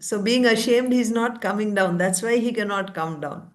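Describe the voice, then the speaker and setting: A woman's voice: medium pitch, normal speed, few pauses. Female scripture teacher, mid-range voice, chatty storyteller. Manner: conversational, with fillers and asides.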